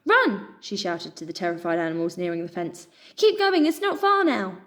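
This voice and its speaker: A woman voicing a small, brave young female mouse who cries out high and loud. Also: completely flat delivery, fast talker, close to an everyday voice. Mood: urgent. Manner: high, desperate, shouting.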